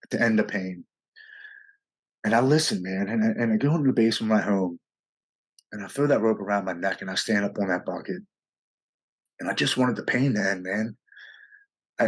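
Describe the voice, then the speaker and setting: A middle-aged American man telling his personal story as an interview guest, blunt, raw and profane. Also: fairly low pitch. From United States.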